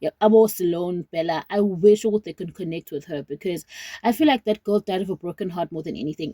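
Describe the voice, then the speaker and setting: A woman's voice: lowish voice, fairly quick, dark tone, no echo. A South African woman in her late twenties giving rambling, earnest commentary to her viewers, mixing in Zulu words. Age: 20s. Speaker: vlogger. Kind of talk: casual commentary to camera.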